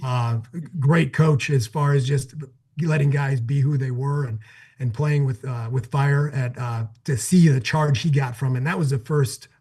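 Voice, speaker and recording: A middle-aged man from Cleveland, a former pro football player, telling an animated story as a guest on a talk show. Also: medium pitch, a little slow, husky. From Cleveland, Ohio, USA. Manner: energetic, acts out quoted exchanges.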